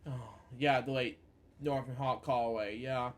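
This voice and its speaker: A man's voice: medium pitch, steady tone, unhurried. A man hosting a casual book review, reading aloud and commenting in a rambling way with fillers and self-corrections.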